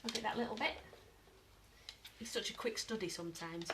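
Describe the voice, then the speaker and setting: A British woman giving a casual live dog-training lesson at home, chatting to viewers and breaking into high-pitched praise for her dog. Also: a little fast, long pauses, noisy background. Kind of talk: live-streamed training demo.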